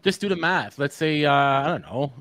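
A man co-hosting a casual trade podcast, working through a listener question with rough math. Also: a little high, no echo. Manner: lively, answers listener questions with quick math. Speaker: regular co-host, HVAC technician. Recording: fiddly mic, level jumps.

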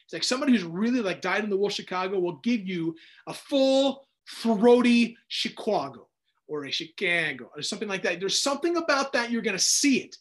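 Leading an informal Bible study, this male teacher talks in a strikingly high voice and an easygoing, chatty manner. His sentences sometimes wander and begin again, and he breaks into brief acted-out bits along the way.

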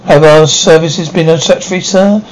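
An actor plays a robot butler, proud of his service and stiffly proper. His lines are formal and quick, in the style of late-1950s television drama. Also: a little high, steady tone, slight background noise, natural voice, low-quality recording. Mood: protesting.

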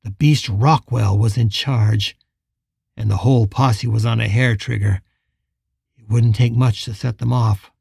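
A man reading a western novel chapter aloud as an audiobook narrator, measured and dramatic. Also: on the low side, fairly even intonation, creaky, a little mellow, husky, no echo, studio quality. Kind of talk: scripted narration.

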